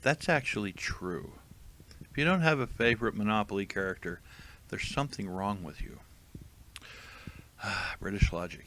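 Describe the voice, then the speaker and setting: A man's voice: on the low side, normal speed, pauses often, a bit bright, a little hiss or hum. A man reading jokes aloud and commenting on them in a dry, amused, casual way. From United States. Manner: dry, amused, chuckling asides. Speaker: comedic reader of tweets.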